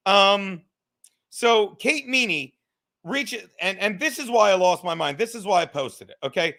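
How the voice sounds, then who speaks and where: A man in his thirties rants on his own podcast from his couch at home, rambling, cursing and getting worked up. His voice sits high for a man, with a bright, sharp edge. It sounds like a home camera setup. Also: lively intonation, measured pace. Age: 30s. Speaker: podcast host. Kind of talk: profane livestream rant.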